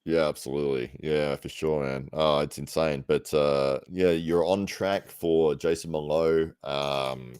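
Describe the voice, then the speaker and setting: A man hosting a podcast in relaxed, chatty talk, laughing easily. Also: very deep voice, a little slow, few pauses, clear, resonant tone, no echo, studio quality. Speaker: podcast host. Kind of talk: casual chat.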